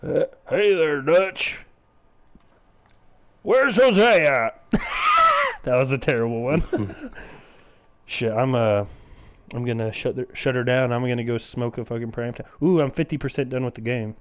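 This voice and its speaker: A man chatting loosely while he streams a game, piling on "like" and curse words as he rambles. His voice sits at an ordinary, middle pitch for a man. The talk is casual and unscripted. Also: fairly even intonation, moderate pace, darkish tone, clear, resonant tone. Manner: rambling, heavy swearing, lots of filler "like". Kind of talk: casual chat while gaming.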